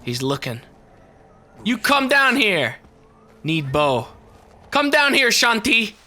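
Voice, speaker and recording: Speaking slowly in a voice that sits high, a young gaming creator mutters to himself over his gameplay. His casual let's-play commentary is lively and full of profanity.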